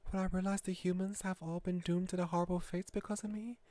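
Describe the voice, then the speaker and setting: Man doing a bewildered young girl, raised high. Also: level tone, fast, dark tone, no room sound, lightly acted. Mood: tearful. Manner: flustered, pleading. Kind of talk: voicing visual novel dialogue.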